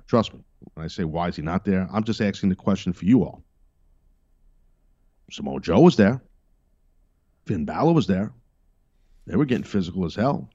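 A man's voice: low-pitched, dark tone, no room sound, dull audio. A middle-aged man hosting a podcast, giving blunt, emphatic wrestling commentary with profane, sarcastic asides. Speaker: podcast host.

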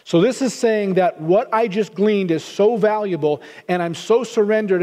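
A man's voice: high voice, darkish tone, big-room sound. A middle-aged man preaching a sermon as pastor, earnest, often repeating words as he restarts.

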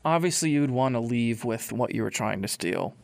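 A man's voice: medium pitch, animated, normal speed, vocal fry, no room sound. Guy cohost on a chatty news show, lots of ums, medium voice, dry mic. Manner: hesitant, filler-heavy, playful. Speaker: co-host. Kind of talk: casual news chat.

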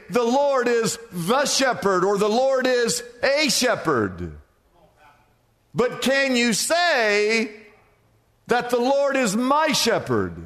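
A man's voice: extremely high pitch, a bit bright. A man preaching a sermon as pastor, asking rhetorical questions and repeating phrases for emphasis, in a church. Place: church sanctuary. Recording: long reverb of a church hall.

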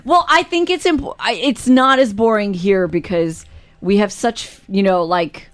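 A woman co-hosting a radio show in the studio, teasing and quick with retorts. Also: medium pitch. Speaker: radio co-host. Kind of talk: casual studio banter.

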